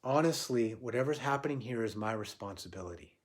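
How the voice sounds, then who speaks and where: A man giving a reflective spiritual talk on a livestream, repeating phrases for emphasis and dropping to quiet, soft lines. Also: medium pitch, expressive, a little fast. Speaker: spiritual teacher.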